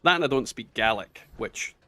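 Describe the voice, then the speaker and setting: A man in his thirties with a softened Scottish accent, chatting casually and swearing as he plays a game on stream. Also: mid-range voice, animated, normal speed, slight background noise. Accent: Scottish, toned down. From Scotland. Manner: chatty, swears, jokey asides. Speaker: gaming streamer. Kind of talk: casual chat while playing a game.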